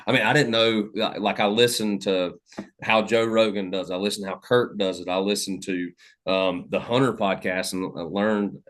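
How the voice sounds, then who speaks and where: A man's voice: on the low side, fairly even intonation, normal speed, a bit bright. A man with a Southern American accent telling stories on a podcast, rambling with many fillers and restarts. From Southern United States. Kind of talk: casual storytelling conversation.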